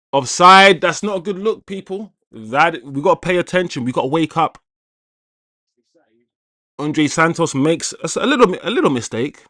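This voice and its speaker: A man hosting a live football watchalong, reacting to the play and shouting out viewers. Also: fairly high pitch, no echo, clean studio sound. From Jamaican heritage. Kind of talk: live match commentary and chat.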